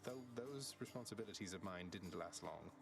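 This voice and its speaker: An actor voicing a young, earnest prince of the underworld in a calm, low voice, heard from a video game over music. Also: male voice, moderate pace, gravelly. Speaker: game protagonist.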